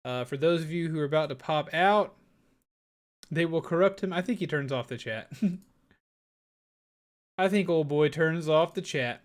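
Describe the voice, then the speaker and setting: A man's voice: on the high side, unhurried, long pauses. A man streaming a game live, chatting casually and upbeat, often thanking viewers. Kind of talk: casual live gaming commentary.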